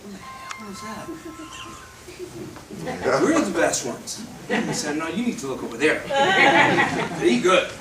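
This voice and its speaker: A man in his sixties, a martial arts elder, telling a low-key anecdote at a ceremony. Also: big pitch swings, slow, long pauses, over a noisy crowd. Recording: echoey room, distant, loud noise.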